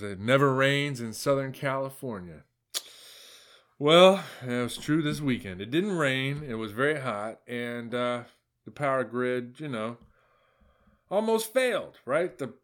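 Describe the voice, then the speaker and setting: A male podcast host delivers a casual, rambling solo monologue in a sardonic tone, meandering through plenty of fillers and asides. His voice is mid-range and fairly bright.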